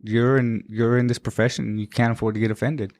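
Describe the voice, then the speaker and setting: A man, a former police officer, speaking as an interview guest in a measured, reflective way. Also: medium pitch, little pitch movement, a little mellow, dry recording. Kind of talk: casual interview.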